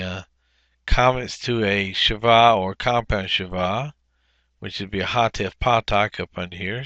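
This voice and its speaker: A man working through a language workbook as a teacher, explaining each answer slowly with frequent fillers and self-corrections. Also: on the low side, bright, forceful tone, no echo. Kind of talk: workbook walkthrough lesson.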